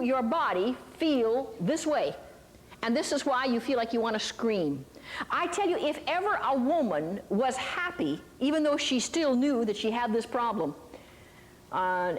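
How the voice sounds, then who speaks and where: High-voiced older woman preaching in a hall. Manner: chatty, folksy, with lots of asides and tag questions. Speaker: teacher of a Christian ministry. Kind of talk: sermon with storytelling. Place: hall before a live audience.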